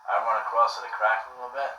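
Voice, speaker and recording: A man's voice: medium pitch, little pitch movement, fast talker, bright, forceful tone, lo-fi sound. A man telling a story in a casual, rambling way, repeating himself and acting out what people said. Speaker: interviewee. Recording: echoey room, distant mic, faint hiss.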